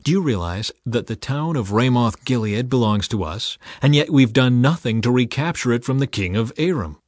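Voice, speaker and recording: A man voicing an angry, scheming ancient king with a sharp, commanding manner in a scripted scripture reading. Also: mid-range voice, animated, moderate pace, dry recording, studio quality, close to an everyday voice.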